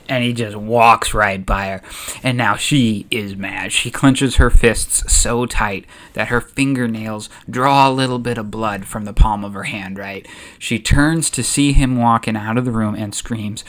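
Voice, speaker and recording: A man's voice: mid-range voice, unhurried. A man hosting a channel, narrating a story in a casual, chatty way. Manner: chatty, relaxed, uses fillers. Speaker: YouTube host.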